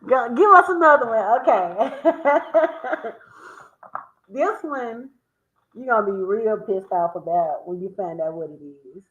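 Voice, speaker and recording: A woman's voice: a little high, expressive, slow, pauses often, a bit bright. A woman with a Southern American accent hosting a playful word game with friends, teasing and laughing often as she drags out her words. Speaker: host. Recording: echoey room, dull lo-fi sound.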